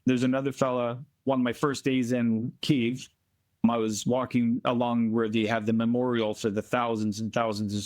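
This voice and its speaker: A man from Canada, a volunteer being interviewed remotely, telling earnest stories in a plainspoken, emphatic way and slowing down to stress points. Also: medium pitch. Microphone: remote call from abroad.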